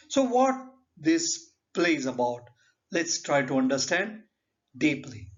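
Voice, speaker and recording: On a dull, lo-fi recording, a literature lesson is taught by a man whose voice sits on the high side. He has an Indian English accent, and his slow, deliberate delivery is sprinkled with rhetorical questions.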